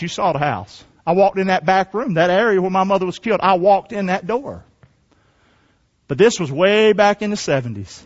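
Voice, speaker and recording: A man's voice: high voice, fairly bright tone. A male pastor preaching a sermon and telling his own testimony, emphatic and asking the congregation questions. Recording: dull sound in a reverberant hall.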